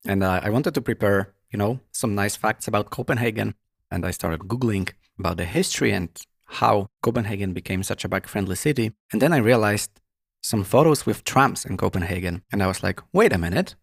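Gravelly low male interviewer. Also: a little fast, no room sound, studio quality. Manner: hesitant, with fillers and rephrasings. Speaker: interviewer, podcast host. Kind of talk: casual conversational interview. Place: guest's apartment.

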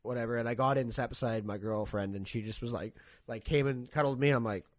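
A man's voice: mid-range voice, fast talker, dry recording, studio quality. A young man from Canada telling a long casual story, rambling and swearing with lots of "like". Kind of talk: casual chat.

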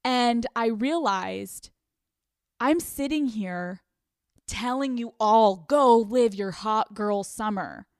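A young American woman hosting a solo podcast, brash and profane, swinging from loud bursts to hushed asides. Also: fairly high pitch, takes it slowly, no echo, studio quality. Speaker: podcast host.

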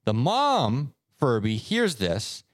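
A man co-hosting a podcast, telling stories in a casual, animated way. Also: slow, no echo, studio quality. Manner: animated storyteller, swoops up in pitch for effect. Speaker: podcast co-host. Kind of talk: casual chat, reading stories aloud.

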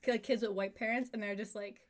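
A woman's voice: medium pitch, fairly even intonation, quick pace. A young woman on a podcast telling blunt, laughing anecdotes in casual chat.

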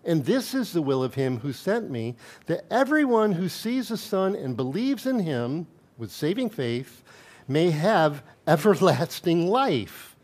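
A man's voice: a little high, big pitch swings, measured pace, darkish tone. A male pastor preaching a sermon in a conversational way, reading scripture aloud with asides and light chuckles.

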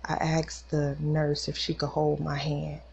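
Low, gravelly-voiced woman giving emotional testimony. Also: completely flat delivery, unhurried, darkish tone. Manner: emotional, talks straight to listeners. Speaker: podcast host, mother. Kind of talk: personal testimony. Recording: dull lo-fi recording with faint noise.

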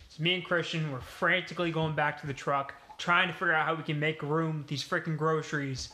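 A young man telling a story on a casual podcast, animated and swearing freely. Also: on the high side, a little fast, hardly any pauses. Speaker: podcast co-host. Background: pets in the room.

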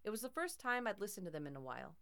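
Clear-voiced woman reading a horror story. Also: medium pitch, very animated, rapid-fire, a bit bright. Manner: dramatic, tense storytelling. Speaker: narrator.

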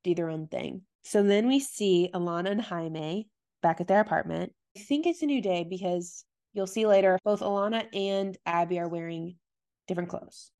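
A woman's voice: fairly low pitch, a little mellow. Chatty woman recapping a show. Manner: chatty, retells scenes with quick quoted voices. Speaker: podcast co-host recapping a TV episode. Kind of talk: casual chat.

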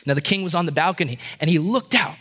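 A male pastor telling a dramatic story in a sermon and praying, swinging between raised and hushed delivery. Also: on the high side, fast talker.

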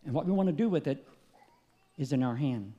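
A male preacher giving an impassioned sermon, rising to loud peaks and dropping back to a low, earnest tone. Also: lively intonation, brisk, dull audio. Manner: impassioned, builds to shouting peaks then drops quiet. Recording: long hall reverb.

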